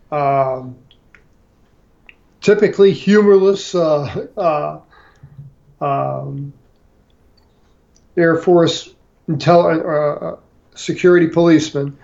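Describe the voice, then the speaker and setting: An older man from Missouri telling a story in an interview, halting with many fillers and restarts. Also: on the high side, gravelly, a little mellow, dull audio. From St. Louis, Missouri. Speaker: interview guest.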